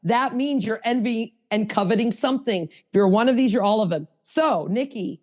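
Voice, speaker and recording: Lively blunt woman teaching a workshop. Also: normal speed. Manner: animated, swings from low asides to high emphatic bursts; blunt, self-mocking asides. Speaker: podcast host teaching a workshop. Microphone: podcast mic.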